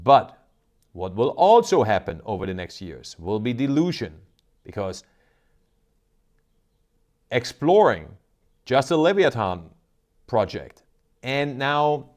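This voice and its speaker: A man's voice: mid-range voice, big pitch swings, slow pace, long pauses, a little mellow. A man hosting an investment video, talking casually and emphatically, often tagging on rhetorical "right?" questions. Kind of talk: casual market commentary to camera.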